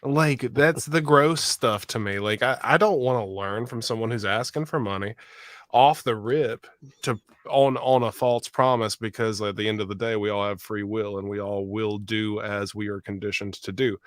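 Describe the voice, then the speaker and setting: A man with a low voice on a casual podcast, emphatic and opinionated. He leans into his points with a sardonic edge. The recording is dry and close. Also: moderate pace, fairly bright tone, no echo.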